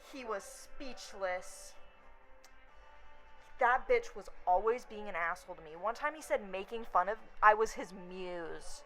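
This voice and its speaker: A young woman talks straight to her audience in a casual vlog rant. She is blunt and profane, and her storytelling is animated. Faint music sits quietly underneath her medium-pitched voice. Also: low-quality recording. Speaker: vlogger.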